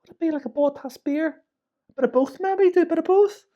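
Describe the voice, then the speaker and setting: A woman's voice: very high voice, fairly quick, lo-fi sound. A woman co-hosting a podcast, telling stories in a chatty way with many asides. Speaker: podcast co-host. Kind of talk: casual chat.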